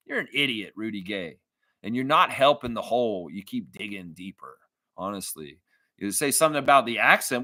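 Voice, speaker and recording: A middle-aged man from the southern United States chats through a live fan reaction stream, reading out comments with plenty of fillers. His voice sits at an ordinary pitch and sounds dry, with no room echo. He flares into profane rants when something annoys him. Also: expressive, fairly quick, bright, forceful tone. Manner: rambling with many fillers, flaring into profane rants. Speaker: sports fan livestream host.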